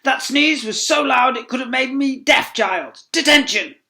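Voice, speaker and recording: A man putting on a shrill, furious old schoolmistress. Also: unhurried, heavily acted. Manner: shrill barking yells. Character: furious old female schoolteacher, stick-wielding tyrant.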